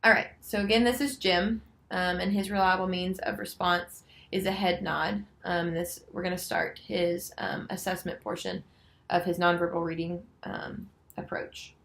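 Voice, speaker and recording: A woman demonstrating a nonverbal reading lesson, slowly and patiently sounding out letters and words. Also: fairly low pitch, flat delivery, vocal fry, fairly bright tone, poor audio. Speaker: special education student teacher.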